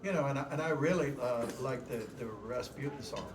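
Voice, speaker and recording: Crowd noise fills this live convention recording as an older man, a guest voice actor on a panel, talks loosely with laughs and frequent restarts. He speaks at medium pitch and a little fast.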